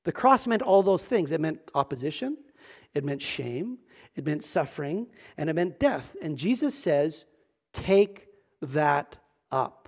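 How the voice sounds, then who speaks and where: A man's voice: a little high, big pitch swings, moderate pace, creaky, husky. A male pastor preaching a sermon in a church, earnest and emphatic, often repeating words as he starts a thought.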